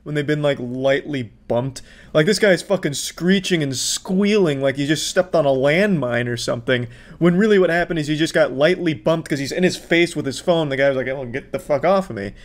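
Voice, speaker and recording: A man doing sarcastic video commentary in a deadpan, mocking voice, swearing freely. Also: on the high side, brisk. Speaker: commentary host.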